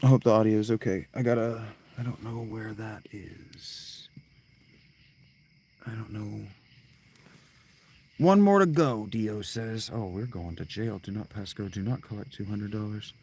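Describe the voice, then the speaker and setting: A man's voice: on the low side, level tone, normal speed, dark tone, slightly rough. A man giving casual, rambling gaming commentary, cursing often and talking to himself. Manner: profane, rambling, talks to himself. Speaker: let's play streamer. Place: tent. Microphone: clip-on mic.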